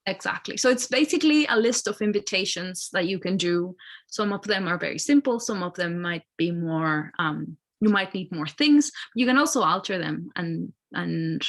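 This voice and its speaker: A woman's voice: fairly low pitch, lively intonation, moderate pace. A woman from Mexico, a guest artist talking in a friendly, hesitant way on a video call. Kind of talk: casual interview.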